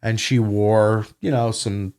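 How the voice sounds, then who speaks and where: Man with a low voice, podcast guest, swears freely and acts out the people in his story. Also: slow, clear, resonant tone. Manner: profane, animated retelling with quoted dialogue. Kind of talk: casual storytelling. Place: home podcast room.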